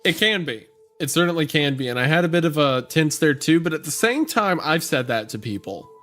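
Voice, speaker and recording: A man's voice: fairly high pitch, animated, a little fast, a bit bright, soft background music. A man from the Southern United States hosting a podcast, reading horror stories aloud and laughing often. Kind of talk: casual comedic podcast chat. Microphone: audio call recording.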